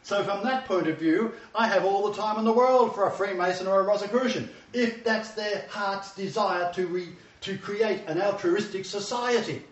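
A man's voice: sits high, moderate pace, hardly any pauses. Emphatic preacher man, roomy and distant. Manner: emphatic, repeats key phrases. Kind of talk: sermon lecture. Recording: distant, roomy, dull sound.

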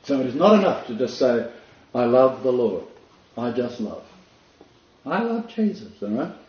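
A man giving a Bible lesson, reading quotes slowly and repeating key words for emphasis. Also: medium pitch, very animated. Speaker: Bible teacher. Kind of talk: teaching talk, reading quotes aloud. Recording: roomy, slightly dull sound.

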